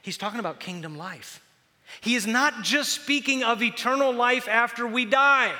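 High, bright-voiced preacher in echoing hall. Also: male voice. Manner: animated, joking storyteller. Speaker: pastor. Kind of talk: sermon.

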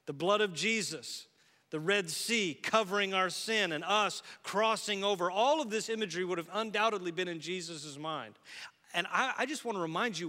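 A male pastor preaching a sermon, moving between loud urgent emphasis and soft, hushed encouragement. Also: high-pitched, big-room sound.

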